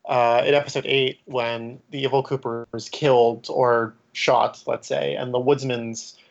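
A man's voice: medium pitch, level tone, a little slow, vocal fry, lo-fi sound. A man in a casual critical discussion, speaking thoughtfully with hesitations and light chuckles. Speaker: podcast panelist.

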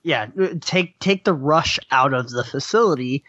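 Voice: medium pitch, expressive, a bit bright, no room sound. Podcast co-host, casual movie chat, laughs a lot, dry kinda muffled audio. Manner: laughs often, quick to agree. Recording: dry, slightly dull audio.

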